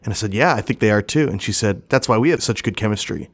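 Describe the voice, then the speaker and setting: Podcast cohost guy, kinda low voice but bouncy, rambles and laughs, dry sound. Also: expressive, quick pace, breathy edge, no room sound. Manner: rambling storyteller, laughs easily. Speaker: podcast co-host. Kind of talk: casual chat.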